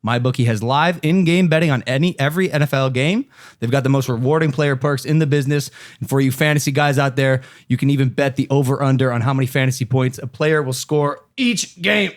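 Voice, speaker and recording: A man's voice: medium pitch, brisk. A man co-hosting a podcast who is sick, joking loosely and reading an ad in a hyped-up voice. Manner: joking, loose, reads ad in hype voice. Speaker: podcast co-host. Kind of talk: casual podcast banter and ad read.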